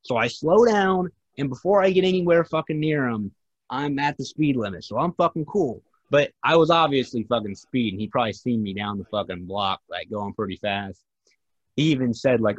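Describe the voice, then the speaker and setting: A man's voice: mid-range voice, a little fast, dry recording, lo-fi sound. A man co-hosting a podcast, telling a rambling, profanity-heavy story in casual chat. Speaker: podcast co-host.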